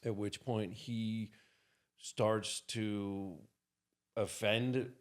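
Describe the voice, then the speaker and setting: Low-voiced man telling a wild story. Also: drawn-out words. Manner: animated storyteller who acts out the people in his story. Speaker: podcast guest. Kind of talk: casual anecdote telling.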